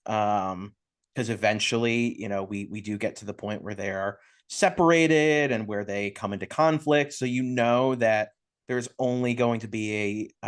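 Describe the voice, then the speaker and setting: Hesitant male podcast co-host. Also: on the low side. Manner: hesitant, filler-heavy, wry. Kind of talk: casual film discussion.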